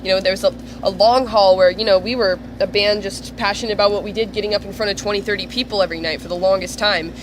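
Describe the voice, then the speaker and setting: A woman's voice: mid-range voice, steady tone, quick pace, few pauses. A young woman singer in a band with a stuffy, nasal voice from a cold, answering interview questions eagerly and casually. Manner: eager, gushing. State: congested from a cold. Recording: noisy street background.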